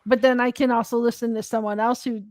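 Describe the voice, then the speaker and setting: A woman co-hosts a podcast in relaxed, rambling chat over a video call, laughing often. Her voice sits a little high. The sound is dry and close. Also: fast, dry recording. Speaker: podcast co-host. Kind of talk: casual chat.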